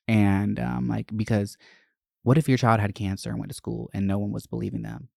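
Young adult vlogger, creaky voice, dry close sound, profane chatty storytelling. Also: medium pitch, moderate pace, no room sound. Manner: profane, animated, gossipy. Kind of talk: casual storytelling.

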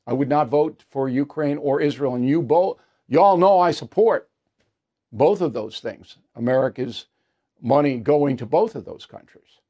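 A man's voice: medium pitch, lively intonation, a little slow, warm tone. A man hosting an opinionated news commentary show, talking in an indignant, sarcastic way with scoffing asides, in a studio. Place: studio with earpiece to producers.

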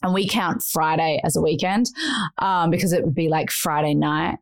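A woman in her thirties co-hosting a podcast, chatting casually and telling a lively story that acts out the quotes. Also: sits low, moderate pace, creaky. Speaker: podcast co-host. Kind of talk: casual chat.

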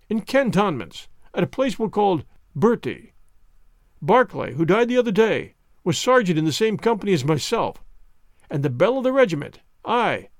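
Bitter hunched old ex-soldier, vehement, high-pitched, man putting on the voice, audiobook character. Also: no room sound, studio quality. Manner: agitated, vehement outbursts.

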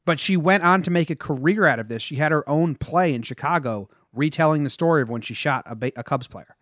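Male podcast co-host, slightly high voice, dry close mic, story-reading delivery. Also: fairly quick, fairly bright tone, dry recording. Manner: reads a prepared story, then chats and laughs with his co-host.

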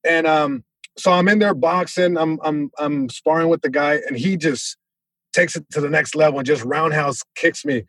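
A young comedian guesting on a podcast tells a casual story, acting out other people with sudden loud bursts. His slightly high voice has a husky grain and fairly even intonation, delivered at normal speed in a dry, close recording with no room or echo.

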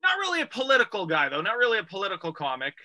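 Bright-voiced joking male radio host. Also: sits high, huge pitch swings, very fast. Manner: rambling, joking banter. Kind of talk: casual radio chat.

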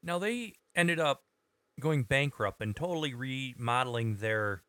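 A man's voice: mid-range voice, expressive, measured pace, fairly bright tone, no echo. A man co-hosting a podcast, telling stories casually with blunt, wisecracking remarks. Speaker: podcast co-host. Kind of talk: casual chat, storytelling.

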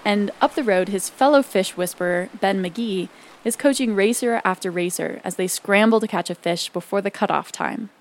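A woman reporter narrating a documentary feature in a calm, reflective storytelling manner. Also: mid-range voice, moderate pace, slight background noise.

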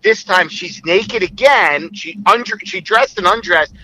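Bright-voiced man telling an explicit story. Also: measured pace, slight background noise, poor audio. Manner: rambling, explicit, quotes others in a lowered voice. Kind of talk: casual storytelling.

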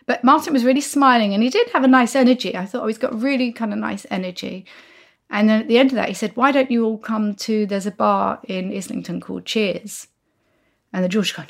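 A woman in her sixties talks as a podcast guest, recounting anecdotes. She slips into the voices of the people in her stories, and her mid-pitched voice carries a touch of vocal fry. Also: brisk. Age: 60s. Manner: lively, acts out quoted voices in her stories. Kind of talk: anecdotal storytelling.

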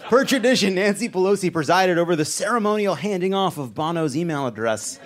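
A man anchors a satirical comedy news segment, delivering jokes deadpan and slipping into asides. His voice is high-pitched and fairly quick, with background noise behind it.

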